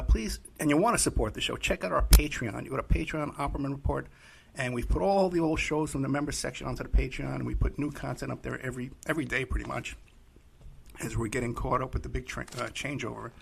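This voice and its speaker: A man's voice: mid-range voice, fast talker, gravelly, husky. A man hosting a podcast interview, talking casually and loosely with many fillers. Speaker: host.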